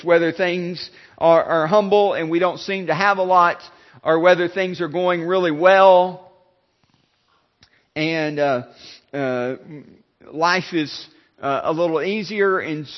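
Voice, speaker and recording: A male pastor giving a sermon, halting, with many fillers and restarts. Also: high-pitched, highs cut off.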